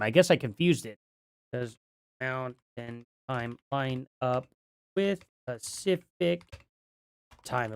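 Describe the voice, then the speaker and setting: A middle-aged man hosting a casual livestream, thinking out loud and reading chat aloud, with lots of ums and restarts. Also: a little high, vocal fry, dry recording, studio quality. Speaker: livestream host.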